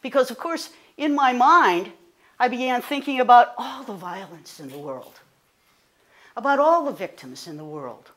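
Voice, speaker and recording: A woman, a guest speaker telling a personal story in an animated, conversational way, full of fillers and self-corrections. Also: on the high side, normal speed. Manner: animated, rising to indignant.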